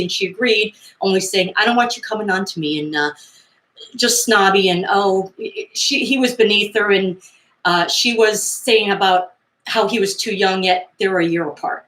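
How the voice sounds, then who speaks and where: Chatty woman with a low voice. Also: fairly bright tone. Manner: chatty and digressive, with frequent fillers and asides. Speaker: vlogger. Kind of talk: casual retelling of 1970s pop culture. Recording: roomy echo.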